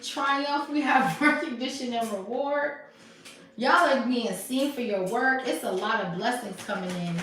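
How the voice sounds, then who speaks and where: Sassy woman reading tarot live, kinda high voice, super echoey room far from the mic. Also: a little slow, fairly bright tone. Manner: sassy, emphatic, laughing often. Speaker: tarot reader.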